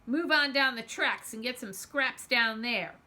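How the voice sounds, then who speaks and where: A woman's voice: on the high side, measured pace, sharp tone. A woman reading as a growling bully man. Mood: menacing. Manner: growling, threatening. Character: big rough bully man, menacing and crude.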